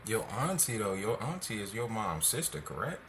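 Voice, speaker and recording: A man's voice: on the low side, very animated, moderate pace, a bit bright, slight background noise. A man hosting a podcast, reacting in a laid-back, joking, slightly unsure way. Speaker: host. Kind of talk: casual podcast chat.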